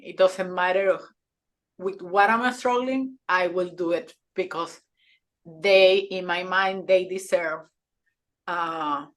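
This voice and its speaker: A podcast co-host, a woman in her thirties or forties, tells a personal story earnestly and haltingly. She speaks non-native English with grammar slips and frequent restarts, in a lowish, slightly bright voice.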